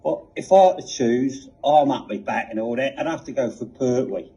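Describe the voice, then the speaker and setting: A man hosting a mock chat show, rambling casually with asides. His voice is dark and husky and a bit high. It comes through a dull lo-fi recording. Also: moderate pace. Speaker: comedy show host.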